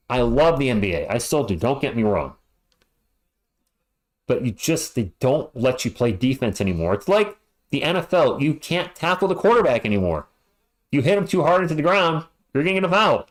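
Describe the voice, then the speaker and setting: A man's voice: mid-range voice, big pitch swings, a little fast. A man calling a basketball game live as a fan commentator, chatting and ranting between plays. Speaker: play-by-play commentator.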